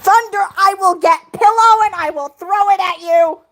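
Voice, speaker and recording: A young woman livestreaming in casual chat, excitable and laughing, playfully scolding her viewers. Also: very high-pitched, normal speed, hardly any pauses, slight background noise, rough recording.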